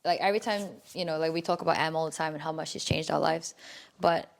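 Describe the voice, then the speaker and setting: A woman co-hosting a casual podcast chat, talking quickly with lots of fillers. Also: deep voice, fairly even intonation, gravelly. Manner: quick, full of likes and you-knows.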